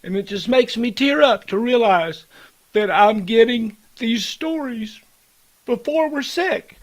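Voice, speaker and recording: An American man hosting a casual livestream chat, excited and rambling with many fillers. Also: extremely high pitch, takes it slowly. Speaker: host.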